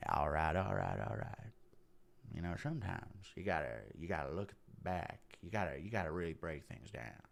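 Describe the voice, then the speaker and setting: A man doing a laid-back movie star with a put-on Texas drawl, low, slow and breathy. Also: sing-song, full character voice. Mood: laid-back musing.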